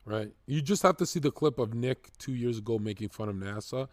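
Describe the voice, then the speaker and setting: A man streaming live, reacting to clips with excitable, profane, joking rants. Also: medium pitch, a little fast, dry recording, studio quality.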